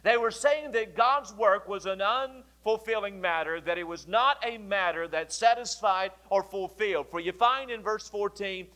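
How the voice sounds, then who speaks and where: A male pastor preaching a sermon, explaining scripture in a deliberate way and repeating key phrases. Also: high-pitched, bright, forceful tone.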